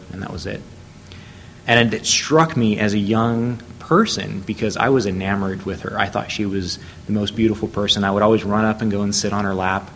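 A man preaching a sermon, telling a Bible story at a measured pace and reading scripture aloud. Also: on the low side, a little hiss or hum.

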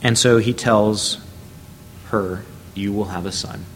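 A man delivers a sermon in a somewhat low voice, retelling a Bible story at an even, measured pace. He reads scripture passages aloud between his own remarks. A faint low rumble sits behind him. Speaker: preacher.

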